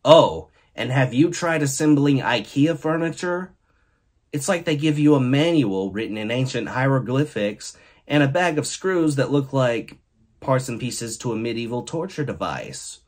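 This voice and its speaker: A man's voice: medium pitch, lively intonation, moderate pace. A male host giving a laid-back comedic monologue and reading silly fill-in-the-blank stories aloud. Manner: joking, laid-back storytelling; reads mad-lib stories aloud. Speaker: podcast host.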